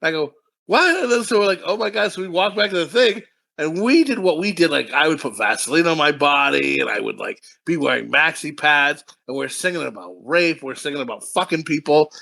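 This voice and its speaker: Podcast co-host: raised, gravelly male voice, bright tone, rambling profane storyteller. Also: fairly high pitch, brisk. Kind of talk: casual movie review chat.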